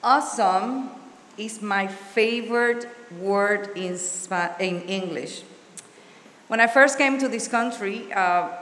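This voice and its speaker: Slow-speaking woman pastor. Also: on the high side, fairly bright tone, in a large hall, slight background noise. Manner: slow, earnest, with small restarts. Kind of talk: sermon and prayer. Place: church sanctuary.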